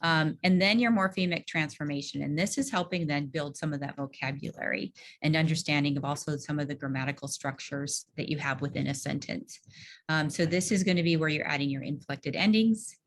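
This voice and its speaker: A woman speaks in a low register as she leads a virtual training session for teachers. She sets out each step of a reading routine and acts out the prompts she uses with students. Her voice comes through a video call microphone. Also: brisk. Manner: explains step by step, models classroom prompts. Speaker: teacher trainer leading a workshop. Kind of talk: online teacher training presentation.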